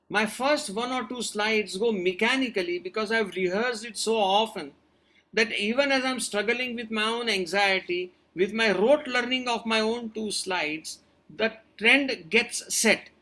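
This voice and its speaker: A man with a high, bright and forceful voice speaks as a doctor answering questions in a webinar. He gives earnest advice and comes back to his main points again and again. He is heard over a video call. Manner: earnest, advising, repeats key points. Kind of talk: webinar talk with audience questions.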